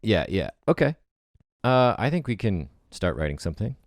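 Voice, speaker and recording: A man co-hosting a podcast, reading a horror script aloud in an even narrating voice. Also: lowish voice, moderate pace, dry recording, studio quality. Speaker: podcast co-host and script reader.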